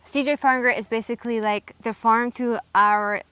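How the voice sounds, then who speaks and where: A young woman from the United States, a farm vlogger, chatting in a relaxed way with her sibling inside a vehicle and adding quick quips. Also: on the high side, clear, resonant tone, dry recording. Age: young adult. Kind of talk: casual chat.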